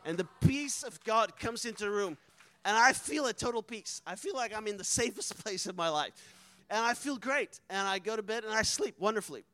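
A man's voice: sits high, animated, fairly quick, sharp tone, dry recording, rough recording. A man, a missionary, telling a personal testimony with earnest emotion and acting out the quoted dialogue. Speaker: missionary speaker.

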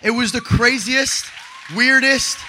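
A man in his thirties preaching in a high-pitched, very bright voice. He tells his stories in a lively, slang-filled way and pushes his voice up into shouts at the peaks. His sermon feels like an energetic testimony. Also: slow, some chatter behind, a little hiss or hum. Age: 30s. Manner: animated storytelling with slang, rising to shouts.

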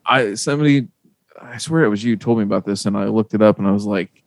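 A Midwestern man hosting a casual podcast, his lowish voice full of gravelly fry. He tells stories with animated, profane energy. The sound is dry and close to the mic. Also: quick pace, no echo. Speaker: podcast host. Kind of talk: casual chat.

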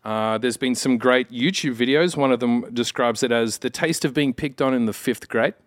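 A man's voice: medium pitch, moderate pace, no room sound, studio quality. A man with an Australian accent, a podcast guest, chatting casually and telling rambling, self-mocking stories. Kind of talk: casual chat.

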